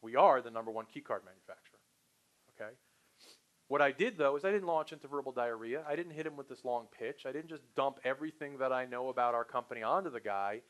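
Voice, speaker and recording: During a live sales training talk, a man with a mid-range voice speaks fast and keeps things casual with his trainees. He's animated, performing brief phone conversations where he plays both customer and salesperson.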